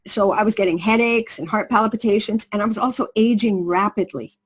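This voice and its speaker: A woman's voice: mid-range voice, a little fast, breathy edge, rough recording. A middle-aged woman presenting a skincare product through a told story, acting out the people she quotes. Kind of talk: storytelling sales pitch.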